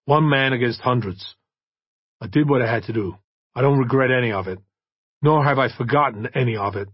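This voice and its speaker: A man voicing a hard, cold male vigilante who speaks quietly and flatly. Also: medium pitch, a little fast, husky, no echo, highs cut off, natural voice.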